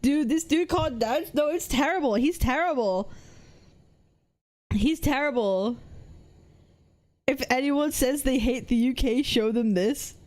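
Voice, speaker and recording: A woman's voice: sits high, a little slow, long pauses, darkish tone, slight background noise. A young woman from Wales, reacting on a live stream with blunt, sweary banter. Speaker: VTuber streamer.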